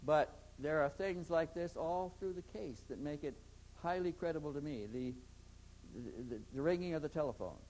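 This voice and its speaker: This time the interviewed man speaks at a normal pace in a voice on the high side with a darkish tone. He tells a long, rambling anecdote about his experiences, often restating his opening words, and the rough recording carries a slight hiss or hum.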